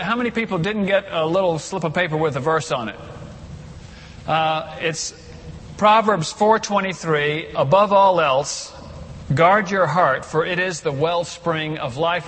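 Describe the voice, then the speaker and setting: A man's voice: a little high, a bit bright, in a large hall, slight background noise. A man giving a sermon as pastor in a conversational way, leading the congregation in reciting scripture aloud.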